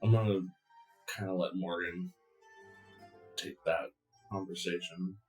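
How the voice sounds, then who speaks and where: A man's voice: low voice, fairly even intonation, a little slow, roomy sound, soft background music, poor audio. A man playing a tabletop game, chatting and joking casually. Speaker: player.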